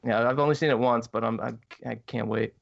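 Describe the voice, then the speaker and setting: A man co-hosting a podcast in casual chat, blunt, quick to swear, and often laughing. The sound is dry and a bit dull. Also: mid-range voice, fairly even intonation, vocal fry, no room sound. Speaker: podcast co-host. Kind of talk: casual chat and reading listener email.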